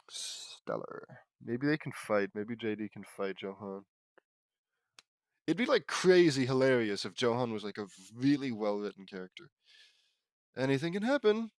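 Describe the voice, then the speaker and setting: A man's voice: on the low side, animated, unhurried, no echo, clean studio sound. A man reading fan fiction aloud and mocking it, swearing and laughing at the writing. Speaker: fanfiction reader. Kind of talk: sarcastic audiobook reading with commentary.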